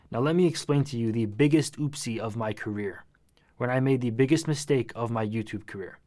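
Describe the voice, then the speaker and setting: Animated slangy male YouTuber. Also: mid-range voice, brisk. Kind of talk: casual vlog storytelling.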